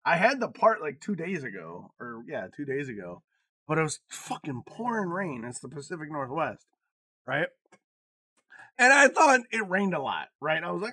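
A man in casual podcast chat who tells stories with wide, lively swings in pitch and bursts of loud laughter. His voice is bright and a little high. The sound is close and dry. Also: moderate pace, breathy edge, no echo. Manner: animated storytelling, swearing, laughing often, big swings in loudness. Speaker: podcast co-host.

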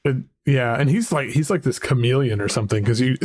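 A male podcast host at a mid-range pitch, rambling cheerfully through his thoughts and laughing along the way. His voice is recorded dry and close, with no room sound. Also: darkish tone, no echo. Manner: rambling, chatty, quick to laugh. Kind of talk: casual podcast chat.

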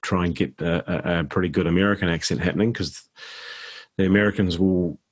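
A middle-aged man with a New Zealand accent, chatting as a guest actor in an interview, relaxed and self-deprecating. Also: low voice, fast. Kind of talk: casual interview chat.

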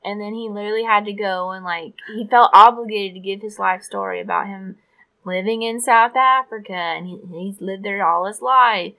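Bright woman with a gravelly edge. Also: mid-range voice, normal speed. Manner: chatty, joking asides. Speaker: podcast co-host. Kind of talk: casual podcast chat.

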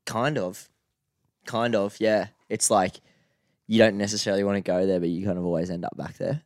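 Young australian man, low voice, relaxed rambling podcast chat, dry close mic. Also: fairly quick, no echo. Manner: laid-back, rambling with fillers. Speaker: podcast co-host. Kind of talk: casual chat.

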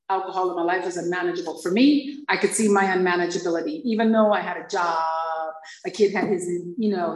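A woman in her fifties from Hawaii, sharing her recovery story with a group and acting out the dialogue as she tells it. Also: on the low side. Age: 50s. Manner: lively storyteller acting out dialogue, laughing often. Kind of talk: personal testimony to a group. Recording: echoey room, far from the mic.

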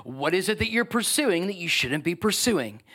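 A man's voice: high voice, very animated, normal speed, bright, forceful tone, breathy edge. A man pastor preaching a sermon in a church, passionate and driving, firing rhetorical questions with casual joking asides. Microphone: microphone.

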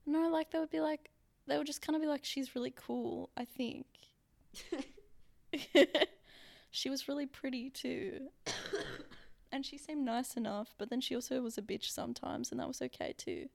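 A young woman co-hosting a casual podcast, with deadpan, ironic humour. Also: high-pitched, moderate pace, gravelly, long pauses. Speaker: podcast co-host. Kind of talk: casual chat.

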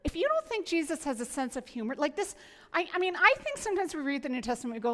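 A woman pastor preaching a sermon in an animated, playful way, often restarting her sentences. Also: high voice, fast, in a large hall, a little hiss or hum.

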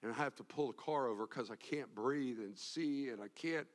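A male pastor telling a personal story in a sermon, moving from quiet, low narration to loud, impassioned preaching. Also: moderate pace.

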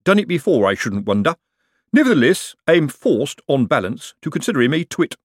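A pompous middle-aged city-watch sergeant in an audiobook, lecturing with weary authority in a raised, lively voice, as a male narrator puts him on. The sound is close and dry. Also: on the high side, brisk, dry recording, pitched above the performer's own voice. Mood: pleased. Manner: pompous, know-it-all.

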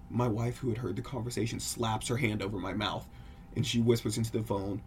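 A man of middle pitch telling a spooky tale on a casual podcast, swinging between loud excited bursts and near-whispers. He acts out creaking sounds as he goes. A faint hiss sits under the recording. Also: brisk. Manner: animated, acts out creaks and drops to hushed tones. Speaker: podcast co-host. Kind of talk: casual storytelling chat.

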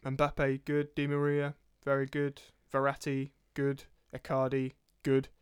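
A man's voice: medium pitch, monotone, unhurried, clean tone, no echo, clean studio sound, natural voice. A man putting on a mock German accent to play a football pundit who talks in clipped, choppy single words. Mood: mock-boastful. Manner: clipped, choppy word-by-word delivery.

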